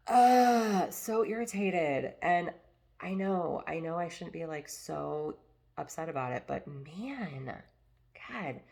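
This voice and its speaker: A woman's voice: extremely low pitch, vocal fry. A woman vlogging casually to camera, rambling with many fillers and venting her frustration. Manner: chatty, rambling, lots of fillers and restarts. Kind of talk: casual personal talk to camera.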